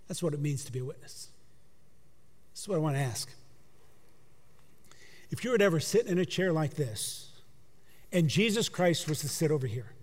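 A man preaching a sermon through a story, in a conversational way that drops to a hush for emphasis. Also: high voice. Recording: long hall reverb.

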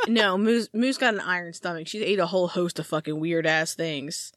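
A young woman co-hosting a podcast, animated and playful, laughing and teasing in casual chat. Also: on the low side, normal speed, no echo, studio quality. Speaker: podcast co-host.

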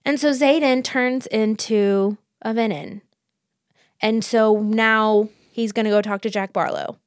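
A woman co-hosting a casual book podcast, talking in an animated, rambling way with quick restarts. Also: fairly high pitch, no room sound, studio quality. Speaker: podcast co-host.

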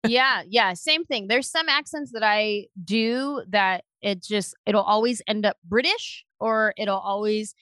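A woman guest, a comedian, telling stories in lively conversation and slipping into quick voices as she goes. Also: mid-range voice, dry recording, studio quality. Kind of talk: animated storytelling in conversation.

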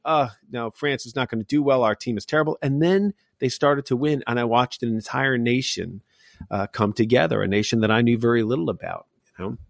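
A middle-aged man chats as a sports podcast host, winding through stories with plenty of ums and restarts. His voice sits at an ordinary pitch. The recording is close and dry. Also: vocal fry, no room sound. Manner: rambling storyteller, many fillers. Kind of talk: casual chat.

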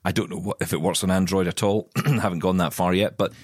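A man's voice: sits low, little pitch movement, quick pace, breathy edge, dry recording, studio quality. A man co-hosting a podcast, chatting casually and telling rambling stories full of asides. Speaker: podcast co-host. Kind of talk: casual chat.

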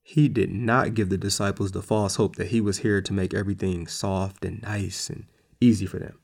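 A man's voice: low-pitched, flat delivery, normal speed, creaky, a little mellow. A man preaching a casual sermon, talking conversationally and repeating words for emphasis.

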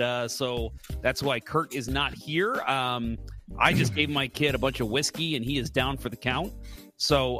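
Chatty american guy hosting a hockey-ish podcast, bright sharp voice, rambly with lots of uhs, faint music behind. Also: mid-range voice. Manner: chatty, rambling storyteller with many fillers. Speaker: podcast host. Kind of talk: casual sports podcast chat.

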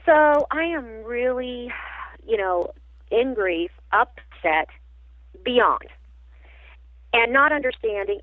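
A woman working as a psychic medium, telling a personal story in an animated, halting way with frequent restarts. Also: fairly high pitch, dry recording. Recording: tinny phone-line sound, dry.

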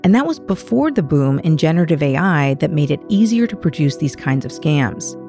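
A woman guest-hosting a news podcast, narrating a script in a measured, explanatory way and putting questions to her guest. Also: low voice, very animated, warm tone, faint music behind.

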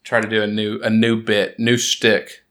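A man hosting a casual sports podcast, talking in an animated, rambling way that keeps interrupting itself. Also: lowish voice, moderate pace. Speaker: podcast host.

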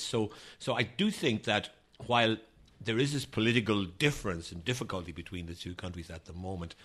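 A man with an Irish accent, an ambassador speaking in a measured, diplomatic way with frequent pauses and restarts. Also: low-pitched, a bit bright, breathy edge. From Ireland. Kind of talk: dinner-table interview.

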